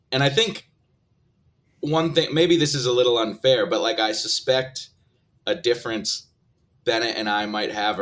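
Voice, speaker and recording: Podcast guest: lower-pitched man, thoughtful, hedging delivery. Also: a bit bright. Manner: hedging, thoughtful, many fillers. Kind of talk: casual film discussion.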